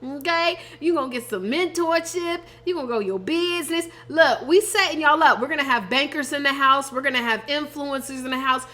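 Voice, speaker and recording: A woman host, pumping up her audience about an upcoming conference in an energetic promotional pitch. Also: brisk, hardly any pauses. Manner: hyped, emphatic, addresses audience as y'all.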